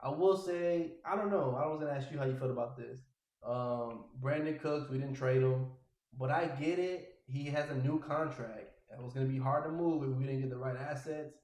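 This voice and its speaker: A man hosting a casual sports podcast, ranting in an exasperated, animated way. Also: medium pitch, normal speed, roomy sound, rough recording. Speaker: podcast host.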